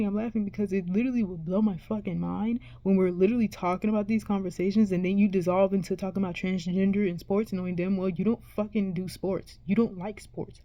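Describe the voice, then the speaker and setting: Woman ranting casually, mellow voice. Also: medium pitch, dry recording, lo-fi sound. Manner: profane, exasperated, rambling with restarts. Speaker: vlogger. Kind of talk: casual rant to camera.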